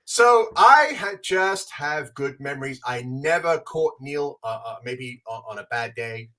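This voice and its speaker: A man co-hosting a podcast, telling an animated story in casual chat and acting out the quotes. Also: medium pitch, a little slow. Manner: animated, acts out quotes with big swings. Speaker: podcast co-host.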